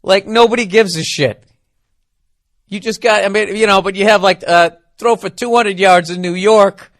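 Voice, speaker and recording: Male podcast host, slightly high voice, dry close sound; excitable, profane, self-mocking rambling rant. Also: normal speed, no echo. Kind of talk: rambling comedic monologue.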